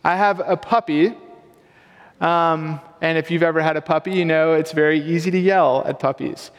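Conversational young pastor in a reverberant hall. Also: male voice, a little high, steady tone, moderate pace. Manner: casual, conversational, self-deprecating humor. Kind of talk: sermon.

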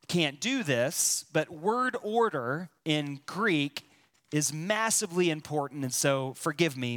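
A male pastor preaches in a slow, deliberate way. His voice sits high for a man and swings widely in pitch. He puts questions straight to his listeners and lands his points with strong emphasis. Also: fairly bright tone. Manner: emphatic preaching with dramatic pauses, addresses listeners directly. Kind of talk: sermon.

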